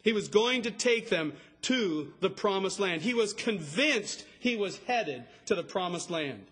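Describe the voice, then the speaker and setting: A man preaching an expository sermon, emphatic and rising to a shout on key words. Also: high voice, expressive, measured pace, breathy edge. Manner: expository, explains scripture line by line. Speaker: pastor.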